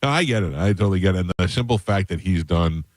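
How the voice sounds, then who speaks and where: A man's voice: low-pitched, expressive, no echo, studio quality. A man hosting a radio talk show, telling rambling stories in a chatty, casual way. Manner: storytelling, rambling, quick and chatty.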